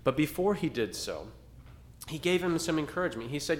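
A man's voice: a little high, animated, brisk. A man preaching a sermon to a small congregation in a conversational style, rising to dramatic emphasis at times. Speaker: pastor.

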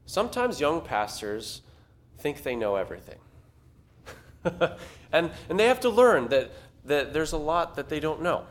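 A man preaching a sermon, telling a story in a conversational, animated way. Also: fairly high pitch, a little slow. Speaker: pastor.

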